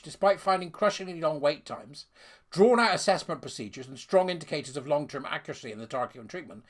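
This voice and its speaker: A man's voice: fairly high pitch, expressive, fast talker. A man giving scornful, sarcastic ranting commentary while reading out a letter.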